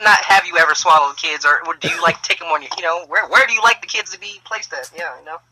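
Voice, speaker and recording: A man's voice: on the high side, fast talker, crowd noise, low-quality recording. A man co-hosting a podcast, asking blunt questions in a joking way and tripping over his words. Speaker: podcast co-host. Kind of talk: casual interview chat.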